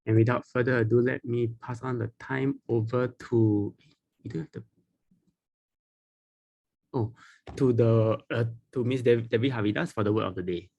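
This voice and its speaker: Halting man hosting an online meeting. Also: medium pitch, fairly even intonation, darkish tone, no echo, highs cut off. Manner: halting, with restarts and throat clearing. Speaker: meeting host. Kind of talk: emceeing an online club meeting. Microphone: video call.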